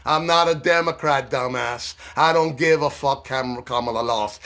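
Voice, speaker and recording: A man from New York delivering an impassioned, profane political rant. He swings between loud outbursts and low, slow asides. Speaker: political commentator.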